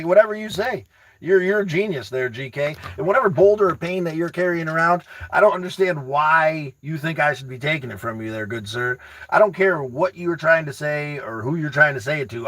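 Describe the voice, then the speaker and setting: Excitable man chatting on a livestream. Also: a little high, brisk, dry recording, low-quality recording. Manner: excitable, rambling, repeats words; addresses viewers by name, teasing. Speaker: livestream host reading chat. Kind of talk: casual motivational livestream chat.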